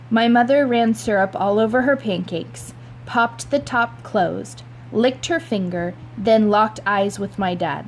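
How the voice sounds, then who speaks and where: A woman reads a novel aloud, narrating in a wry, conversational first-person voice. Her pitch sits in an ordinary middle range. A faint hum runs underneath the reading. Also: a little slow, poor audio. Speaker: reader.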